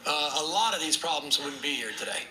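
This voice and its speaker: A male co-host who jokes through casual political talk and reads messages aloud. His voice is bright. It sounds roomy, with a faint hum of ambience behind it. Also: a little high, expressive, a little fast. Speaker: podcast co-host.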